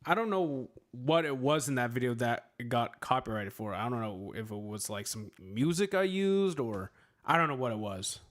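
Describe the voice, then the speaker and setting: A man's voice: mid-range voice, normal speed, a bit bright. A man chatting casually on a livestream, answering questions in a rambling way, with lots of filler words, and joking at his own expense. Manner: playful, laughs at himself. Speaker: streamer answering chat questions.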